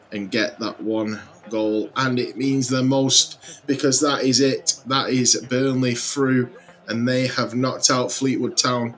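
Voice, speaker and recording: A man commentating on his own football video game with energetic, exclamatory play-by-play. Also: mid-range voice. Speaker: gaming YouTuber.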